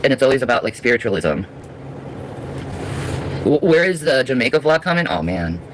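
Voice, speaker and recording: A man's voice: medium pitch, sing-song, normal speed, noisy background. A man hosting a casual livestream chat, talking in a gushing, enthusiastic and rambling way. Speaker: host.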